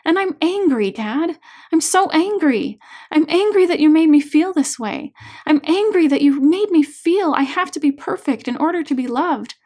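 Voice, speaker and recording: A woman reading as a troubled adult woman in therapy, baring her feelings in a fairly high voice. The delivery is slow and confessional, as in a spoken audiobook. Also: fairly even intonation, darkish tone. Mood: angry. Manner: emotional, confessional.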